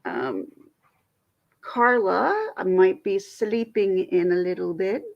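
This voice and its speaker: Woman streamer, gravelly, chatty and frustrated, rambling, dull lo-fi audio. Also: mid-range voice, unhurried. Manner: venting, frustrated, rambling with restarts. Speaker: livestream host. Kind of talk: casual livestream chat.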